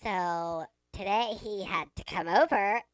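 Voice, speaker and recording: A woman's voice: mid-range voice, measured pace, smooth, no room sound, poor audio. A young woman co-hosting a podcast in casual chat, trying to tell a story, laughing often and getting exasperated at interruptions. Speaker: podcast co-host.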